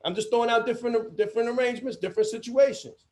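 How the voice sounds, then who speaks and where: Male coaching trainer, high pitch, emphatic delivery with lots of repetition. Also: rapid-fire, darkish tone. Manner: emphatic, repeats key phrases.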